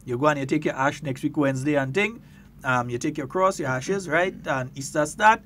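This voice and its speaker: A man with a Grenadian accent hosting a radio talk show in casual chat, lively and quick to laugh. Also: a little high, slight background noise. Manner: lively, laughs often, stretches words for emphasis.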